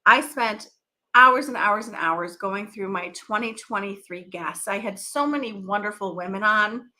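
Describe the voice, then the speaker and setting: Chatty bright-voiced woman host. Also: medium pitch. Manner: chatty, rambling, quick to laugh. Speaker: podcast host. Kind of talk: casual live chat.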